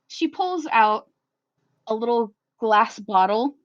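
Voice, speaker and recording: A woman's voice: a little high, animated, slow. A woman narrating as game master in a tabletop role-play, casual and giggly with lots of fillers. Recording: slightly muffled recording.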